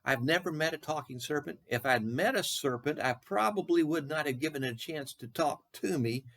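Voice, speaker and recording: A preacher from Texas delivers a short devotional with a gravelly, somewhat husky voice. He speaks earnestly, rising for emphasis and slowing down to repeat his questions. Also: a little high, fairly bright tone.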